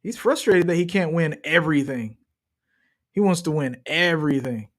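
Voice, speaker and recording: A young man talks loosely through a live stream, trash-talking and joking about football as he watches. His voice sits fairly high for a man. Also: moderate pace, fairly bright tone. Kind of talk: casual live-stream commentary.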